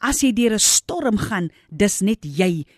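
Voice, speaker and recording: A woman's voice: medium pitch, animated, a little slow, no room sound, clean studio sound. A woman pastor with a South African accent preaching and praying over listeners on a radio program, fervent and full of repeated declarations.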